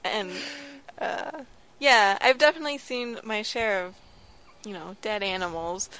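A woman's voice: medium pitch, a little slow, sharp tone, clean tone. Chatty young woman telling a story. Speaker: graduate student guest. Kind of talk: casual podcast chat.

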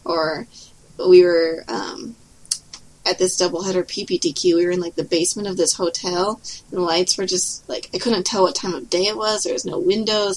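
A chatty woman speaking at an ordinary middle pitch. She is a guest on a casual podcast, and her talk is loose and friendly, peppered with "like" and small laughs. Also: normal speed, poor audio. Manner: chatty, light laughs, many "like" fillers. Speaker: podcast guest, card game player.

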